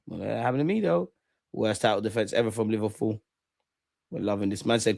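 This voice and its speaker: A man runs a live football watchalong, bantering and gloating in quick-fire slang. His voice sits at an ordinary, middle pitch. The sound is dry and close, with no echo at all. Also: animated, gravelly, darkish tone.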